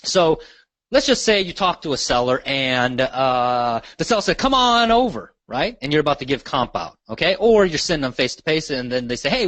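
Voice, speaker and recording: A man's voice: mid-range voice, a bit bright, dry recording. Coaching man leading a live webinar. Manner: coaching, asks questions and checks in often. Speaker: real estate sales trainer. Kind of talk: live online training webinar.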